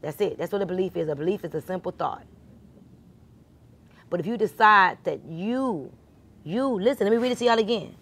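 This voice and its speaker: A woman's voice: mid-range voice, lively intonation, normal speed, long pauses, slightly rough. A woman speaking in a mid-range voice gives an informal motivational spiritual talk. She speaks straight to her listeners and repeats key lines for emphasis. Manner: informal and conversational.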